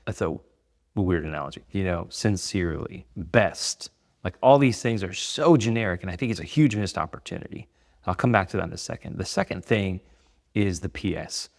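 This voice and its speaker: A man's voice: low voice, animated, moderate pace, creaky. A man and business owner giving casual advice to the camera, conversational and rambling, with many fillers. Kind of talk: casual talking-head advice.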